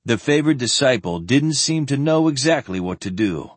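A man narrating an audiobook in an expressive reading style. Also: medium pitch, moderate pace, no room sound. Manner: expressive reading, shifting voices for characters. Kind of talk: scripted narration.

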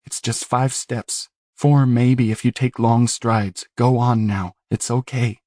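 A man's voice: medium pitch, fairly even intonation, takes it slowly, dark tone, no echo, clean studio sound, voice pushed up, natural voice. A man doing a wry, battered teenage boy. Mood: gentle coaxing. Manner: coaxing, then sardonic. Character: teenage boy, formerly pudgy, wry and hurt.

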